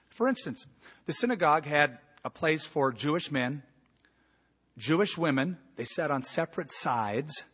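A man preaching a sermon as a pastor, emphatic, moving between loud points and hushed asides. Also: fairly high pitch, slightly rough. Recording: long reverb of a large hall.

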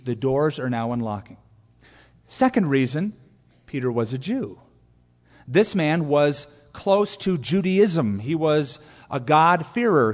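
A man preaching a sermon, animated, acting out quotes with asides to the congregation. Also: fairly high pitch. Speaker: pastor. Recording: long reverb of a church hall.

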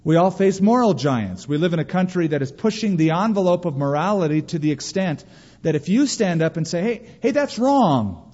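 A man preaching a sermon as pastor, emphatic and animated, acting out quoted lines. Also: brisk. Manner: emphatic preaching, voices quotes with raised pitch. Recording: dull sound in a long-reverb hall.

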